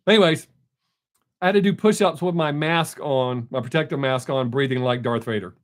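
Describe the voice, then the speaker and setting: A middle-aged man hosts a live stream, chatting casually and bluntly with his viewers and telling stories. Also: mid-range voice. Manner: blunt, talkative, storytelling.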